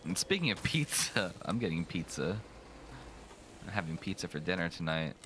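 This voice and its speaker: A man streaming a video game, rambling and joking, now and then jumping into silly high voices. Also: sing-song, moderate pace, noisy background. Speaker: gaming streamer. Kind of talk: casual let's play commentary. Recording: game music behind the voice.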